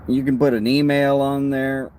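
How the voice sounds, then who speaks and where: Relaxed Texan man chatting on a livestream. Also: mid-range voice, normal speed, slight background noise. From Texas. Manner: relaxed and rambling, friendly asides. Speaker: host of a pipe-smoking livestream. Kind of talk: casual livestream chat.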